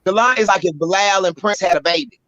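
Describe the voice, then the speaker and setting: A Southern woman spins a story in a bright, forceful voice, blunt and animated, with salty language. The audio is dry and dull, like a lo-fi podcast mic close up. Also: medium pitch, fast, dry recording. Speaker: spoken word poet, guest. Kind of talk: casual storytelling. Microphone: podcast microphone.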